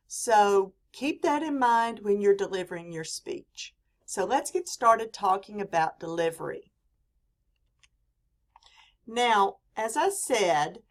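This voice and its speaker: A woman from the Southern mountains, her accent softened, giving a clear, deliberate lecture on public speaking with emphatic stresses. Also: mid-range voice. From Southern US mountain region. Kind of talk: recorded classroom lecture.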